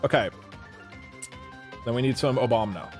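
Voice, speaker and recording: A man's voice: mid-range voice, moderate pace, faint music behind. A man streaming live, chatting casually and thinking aloud with frequent restarts.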